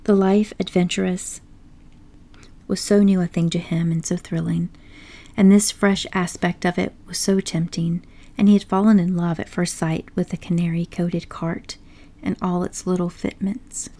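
A woman narrating a classic story aloud in a measured, expressive way. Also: on the low side. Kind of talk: audiobook storytelling.

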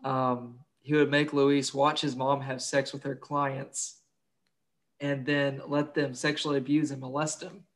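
A man's voice: mid-range voice, level tone, measured pace, fairly bright tone. A young man co-hosting a casual true-crime podcast, crude and swearing freely, laughing while he tells grim facts. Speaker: podcast co-host.

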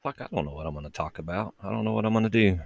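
A man hosting a casual late-night solo podcast from his bedroom, talking low and quietly, rambling and crude and mocking himself. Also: racing, creaky, no echo. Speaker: podcast host. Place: bedroom at home with the door shut.

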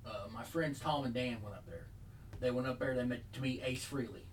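A man's voice: medium pitch, fairly quick, a little hiss or hum, poor audio. A man chatting casually on a podcast, telling a long story with lots of fillers and asides. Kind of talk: casual chat.

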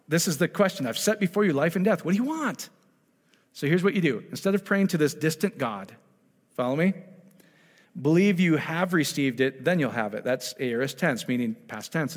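A man preaching with fervor, his voice pitched a little high and ringing out through a hall with a long, lingering reverb. He throws rhetorical questions at the congregation, climbs to loud exhortation, then drops to quiet, confiding asides. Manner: emphatic, peppered with rhetorical questions. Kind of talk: sermon.

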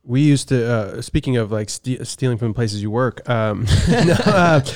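A man co-hosting a casual podcast chat, telling relaxed anecdotes. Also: mid-range voice, unhurried, no echo, studio quality. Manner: relaxed anecdotes with fillers and restarts. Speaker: podcast co-host.

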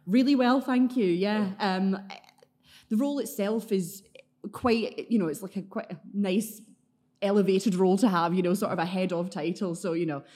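A woman in her thirties with a Glaswegian accent, chatting as a podcast guest, self-deprecating and quick to laugh. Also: mid-range voice, mellow. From Scotland, Glasgow area. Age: 30s. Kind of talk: casual interview chat.

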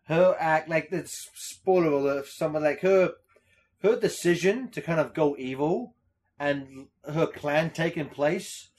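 A man's voice: fairly high pitch, a little slow, darkish tone. A man co-hosting a podcast in casual chat, rambling, swearing and laughing often. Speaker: podcast co-host.

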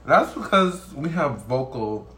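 A playful man trades jokes in loose podcast chatter. He talks at an everyday middle pitch and drifts in and out of silly bits. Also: very animated, slow, bright, forceful tone. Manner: joking, breaks into song snippets and mock voices. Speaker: podcast co-host. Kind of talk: casual chat.

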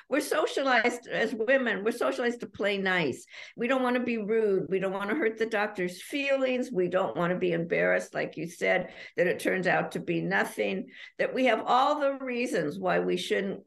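A woman author talking candidly as a podcast guest, self-deprecating and quick to laugh. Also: mid-range voice, expressive, gravelly. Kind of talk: casual podcast interview.

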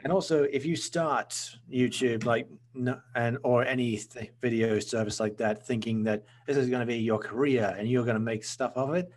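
A man's voice: medium pitch, fairly even intonation, moderate pace, hardly any pauses. A man, a guest talking in a rambling way with lots of restarts. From Australia. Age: 20s. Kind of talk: casual podcast interview.

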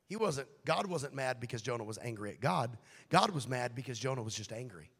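A man preaching a sermon as pastor, shifting from quiet, hushed passages to loud, shouted appeals, acting out the voices he quotes. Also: medium pitch, animated, fairly quick, gravelly, slightly rough, in a large hall. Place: church sanctuary.

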